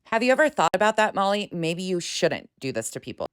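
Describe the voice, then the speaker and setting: A woman's voice: lowish voice, sing-song, brisk, clear, resonant tone. A woman hosting a reaction commentary, exasperated and sarcastic as she picks apart claims. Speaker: commentary channel host.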